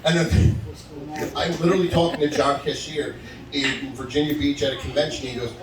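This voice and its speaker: A man in his forties doing a stand-up set at an open mic, animated as he tells stories and acts out phone calls. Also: fairly high pitch, a little fast, a crowd in the background. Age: 40s. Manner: animated storytelling, acts out phone calls, laughs at own jokes. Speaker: stand-up comedian. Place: stage at a live open mic. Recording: roomy venue sound from a distance.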